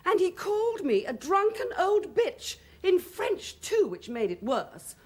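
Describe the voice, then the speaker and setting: A woman's voice: mid-range voice, sing-song, a little fast, husky. An actress playing a brash, tipsy society woman in a period television drama, gushing in affected upper-class chatter.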